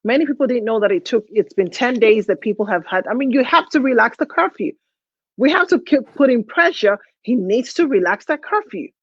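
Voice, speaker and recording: A woman hosting a live call-in talk show, emotional and halting, with many hesitant restarts. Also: on the high side, lively intonation, breathy edge, dry recording, dull audio.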